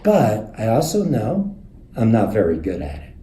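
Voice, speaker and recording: A man's voice: on the low side, huge pitch swings, normal speed, warm tone, roomy sound. A man playing a defensive company president. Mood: uneasy admission. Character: defensive male company president, uneasy and stubborn.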